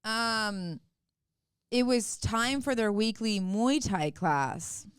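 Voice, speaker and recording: A woman's voice: a little high, very slow, clean tone, no room sound, clean studio sound. A woman guest in a live improv comedy show, giggly and teasing.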